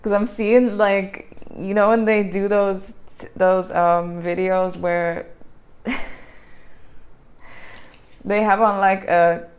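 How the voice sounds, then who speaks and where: A woman's voice: medium pitch, level tone, slow pace, few pauses. A woman giving a casual tarot reading, chatty and self-correcting, with frequent laughs. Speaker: tarot reader.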